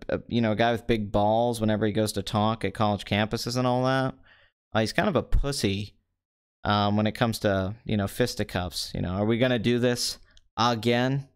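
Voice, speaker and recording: Deadpan low-voiced male film host. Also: clean tone. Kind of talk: comedic box office chat.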